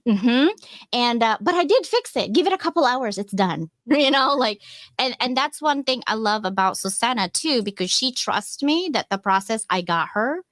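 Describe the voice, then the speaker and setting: Animated woman chatting in a dry room. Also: fairly high pitch, moderate pace, dry recording. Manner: animated, acts out quoted dialogue in bursts; rambling, many fillers and asides. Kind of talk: casual panel chat.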